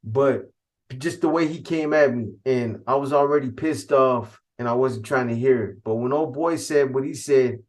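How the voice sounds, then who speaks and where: A man's voice: medium pitch, moderate pace. Californian man, street slang, profane storyteller acting out the voices of others. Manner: street slang, heavy cursing, acts out quoted voices. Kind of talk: casual storytelling.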